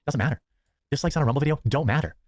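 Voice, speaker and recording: A man's voice: medium pitch, very fast, a little mellow, no echo, clean studio sound. A man streaming a ranting commentary, contemptuous of his critics and mocking them. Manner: contemptuous, mocks critics in sneering voices.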